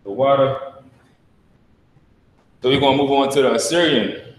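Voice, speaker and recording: A man standing in as teacher in a live online class, talking casually and slowly sounding out letters one by one with emphasis. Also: mid-range voice, slight background noise. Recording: echoey room, voice from a distance.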